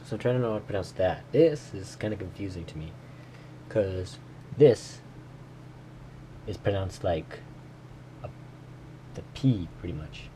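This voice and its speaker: A man recording himself while learning Korean, thinking aloud and repeating phrases slowly in a casual way. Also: low-pitched, animated, warm tone, slight background noise. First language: English.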